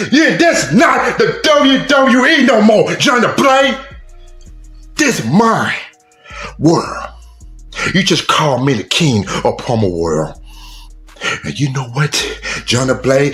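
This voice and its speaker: A man cutting a wrestling trash-talk promo, swinging between shouted taunts and low whispers. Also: echoey room. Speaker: promo competitor.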